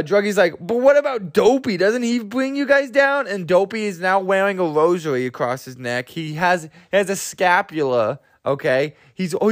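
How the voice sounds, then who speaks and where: A young man tells a long, rambling comic story and keeps filling the gaps with "like" and "you know." He sounds overtired, and his voice sits a little higher than most men's. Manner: rambling, lots of fillers, giggly asides. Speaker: podcast host. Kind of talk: rambling comedy monologue.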